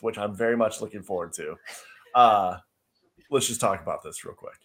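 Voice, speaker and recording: A man co-hosting a podcast, chatting casually and telling a funny story with easy laughs. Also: lowish voice. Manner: animated storyteller who laughs easily and says "dude". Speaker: podcast co-host.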